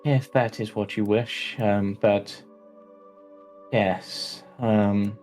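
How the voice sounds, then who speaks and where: A man playing a slow, hesitant village priest. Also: fairly low pitch, steady tone, a little mellow, faint music behind. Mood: earnest. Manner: hesitant, full of ums and restarts. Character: earnest male village priest, cautious and polite. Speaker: game master. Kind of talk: tabletop role-play voice acting.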